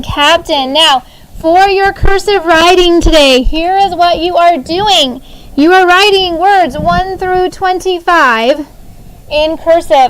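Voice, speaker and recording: A woman teacher in her thirties in a classroom, leading a spelling drill, spelling each word slowly letter by letter and giving firm instructions. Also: very high voice, rough recording. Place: school classroom.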